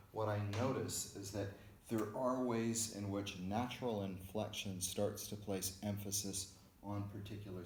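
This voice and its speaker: A man teaching music theory in a recorded lecture, explaining in a patient, measured way in front of a board. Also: fairly low pitch, darkish tone. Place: room with a board. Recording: echoey room, faint background hiss.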